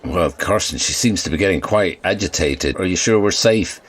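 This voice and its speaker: A man's voice: low-pitched, normal speed, breathy edge. A man playing a polite, bemused radio reporter in a comedy audio sketch. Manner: polite, bemused, stiffly formal.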